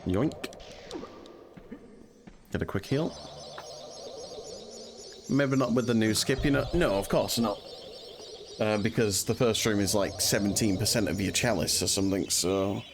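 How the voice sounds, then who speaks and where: A man's voice: on the low side, measured pace, long pauses, noisy background. A young man giving casual, rambling gameplay commentary, with frequent ums and uhs. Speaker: speedrunner streamer. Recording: voice over game music.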